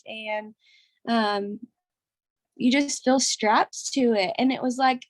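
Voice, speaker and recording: A woman's voice: high-pitched, dry recording. A young woman telling an emotional, rambling testimonial on a group call, close to tears. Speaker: caller sharing a testimonial.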